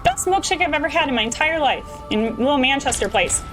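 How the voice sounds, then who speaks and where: A woman's voice: sits high, lively intonation, a little fast, music in the background, poor audio. A young woman streaming a game, chatting casually with her viewers and laughing often. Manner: bubbly, chatty, laughs often, talks to chat. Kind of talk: casual gameplay chat.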